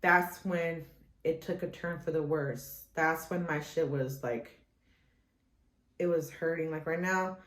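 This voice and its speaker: A woman's voice: deep voice, fairly even intonation, takes it slowly. A woman in her thirties vlogging casually about her recovery, rambling with many restarts, her chest sore after surgery. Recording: echoey room.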